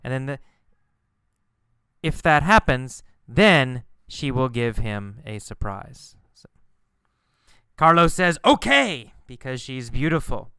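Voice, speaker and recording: Male ESL teacher, slow deliberate delivery, bright clear tone, repeats key phrases. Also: mid-range voice, animated, no echo, studio quality. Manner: repeats phrases and lifts his voice when quoting characters. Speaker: English teacher. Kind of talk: slow explanatory ESL lesson.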